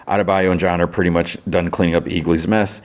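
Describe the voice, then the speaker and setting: Low-voiced man rambling through a recap. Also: level tone, fast talker. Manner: rambling, full of restarts and "like". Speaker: podcast host. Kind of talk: casual episode recap.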